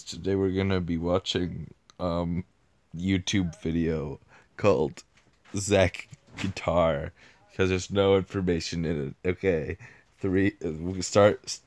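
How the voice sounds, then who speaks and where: A man hosting a parody reaction video, rambling with halting restarts and lots of ums, in a deadpan, clueless tone. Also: sits low, dry recording.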